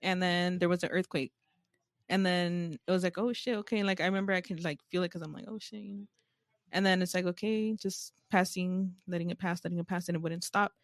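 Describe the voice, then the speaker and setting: A woman's voice: lowish voice, steady tone, a little fast, no room sound. A woman telling stories in casual chat, loose and full of swearing, now and then slipping into Spanish words. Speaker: podcast co-host. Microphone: phone.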